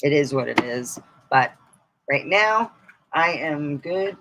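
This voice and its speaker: A middle-aged woman chatting casually on a live stream, rambling through funny stories and laughing loudly at her own punchlines. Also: deep voice, expressive, takes it slowly, background noise. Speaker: comedy streamer.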